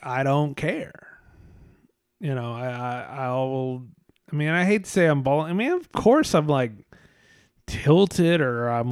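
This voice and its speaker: A man's voice: medium pitch, creaky, no echo, studio quality. A man talking casually in a rambling way, swearing a lot and full of fillers, sounding tired. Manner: rambling, profane, frequent fillers.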